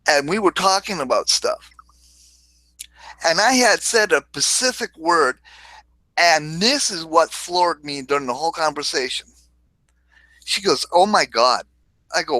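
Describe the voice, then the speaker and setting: A man hosts a livestream and tells a long, crude story in a rambling way, laughing and swearing as he goes. His voice is bright and a touch high. It is recorded close and dry, with no room sound. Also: dry recording, low-quality recording. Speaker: livestream host.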